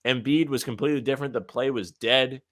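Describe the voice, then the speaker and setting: A man co-hosting a casual sports podcast, talking in an animated, ranting way with some sarcasm. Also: mid-range voice, quick pace. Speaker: podcast co-host.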